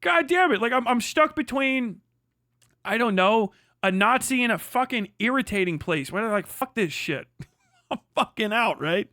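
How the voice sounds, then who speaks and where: A man's voice: high-pitched, expressive, moderate pace, pushed and bright, dry recording, clean studio sound. A man hosting a livestream, ranting casually and sarcastically with constant swearing and mocking quoted voices. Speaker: livestream host. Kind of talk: casual rant.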